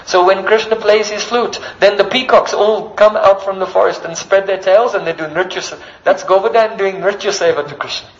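A man's voice: high-pitched, a little fast, few pauses, dull audio, slight background noise. A man preaching a devotional sermon as a story, often checking in with the listeners by asking them questions.

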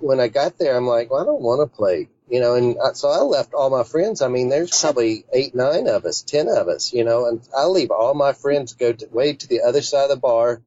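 A man with a mellow, dark voice tells a personal story in a loose, rambling way, often circling back with fillers and restarts. The sound is dry and a little dull, with a lo-fi edge. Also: medium pitch, dry recording. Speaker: interview guest. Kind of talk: casual storytelling.

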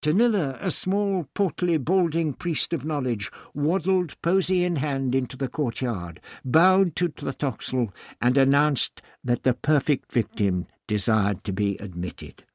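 A mid-range male voice reads an audiobook script, pacing the story carefully while keeping it expressive. The studio recording is clean and free of echo.

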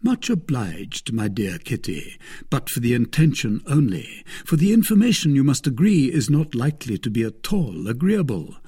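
A man voicing a self-assured young Gascon gentleman, confident and gallant. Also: mid-range voice, sing-song, normal speed, slightly rough. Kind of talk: audiobook character voice.

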